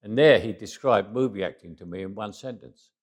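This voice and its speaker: Brief: man in his eighties, interview guest, reflective storyteller, lowish voice. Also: brisk. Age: 80s. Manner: reflective, repeats words as he restarts.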